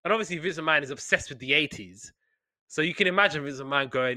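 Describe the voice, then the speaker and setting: A man co-hosting a casual chat, animated and playful, often slipping into quick voices. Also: a little high, no room sound. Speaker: podcast co-host. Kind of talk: casual chat about wrestling.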